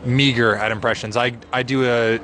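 A man co-hosting a casual podcast chat, playful and halting with fillers. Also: medium pitch, fairly even intonation, very noisy. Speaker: podcast co-host, narrator.

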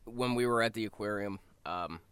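A man co-hosting a casual gaming talk show, his voice smooth and crisp with a bright tone. He tells stories with emphasis and throws in curses for effect. The recording is dry. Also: on the low side, moderate pace, dry recording. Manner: emphatic, swearing, animated storyteller. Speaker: podcast co-host.

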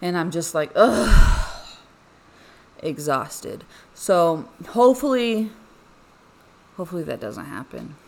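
Young female podcast host, slightly low voice, chatty and rambling, energetic bursts. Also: unhurried, creaky. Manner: rambling, frequent "like" fillers, animated bursts. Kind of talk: casual personal podcast monologue.

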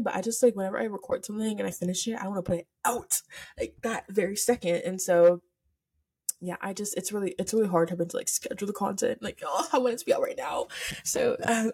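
A woman's voice: medium pitch, creaky, a little mellow, slightly rough. Giggly, emotional teen podcast girl. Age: teens. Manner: giggly, gushing, rambling with many "like"s. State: emotional, near tears. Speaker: podcast host. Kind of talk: casual solo podcast chat. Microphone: camera setup for filming.

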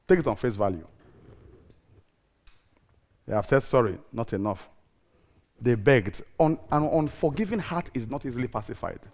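A man's voice: medium pitch, fairly quick, pauses often. Male preacher in his fifties, church sermon, repetitive call-and-response delivery. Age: 50s. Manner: call-and-response, loud rising emphasis, repeats phrases.

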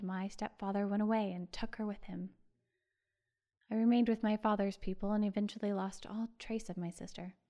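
A woman's voice: mid-range voice, warm tone, close to an everyday voice. A woman reading the lines of a kind, emotional older man in a storybook, earnest and tender.

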